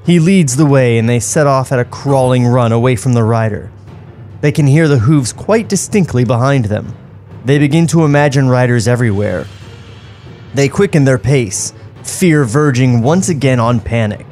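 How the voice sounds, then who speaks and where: A man reading the stage directions aloud in a comedic table read, steady and plain with dry asides. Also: medium pitch. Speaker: script reader and narrator.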